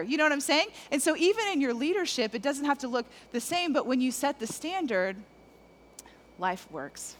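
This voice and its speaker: A middle-aged woman preaching a lively, conversational sermon to men, talking straight to the audience. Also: sits high, fairly quick. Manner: animated, conversational, addresses the audience directly.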